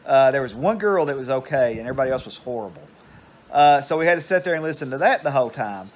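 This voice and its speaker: A man's voice: mid-range voice, animated, fast. Older man telling a rambling story. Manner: meandering, digressive. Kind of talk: casual rambling anecdote.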